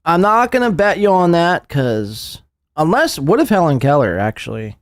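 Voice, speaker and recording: A man's voice: a little high, big pitch swings, normal speed, dry recording, clean studio sound. A man hosting a podcast, reacting to clips with crude, mocking commentary and constant swearing. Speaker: podcast host. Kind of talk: profane commentary over clips.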